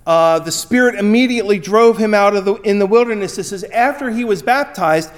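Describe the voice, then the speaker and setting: Male pastor with a high voice, emphatic sermon delivery that swings between loud and quiet. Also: brisk.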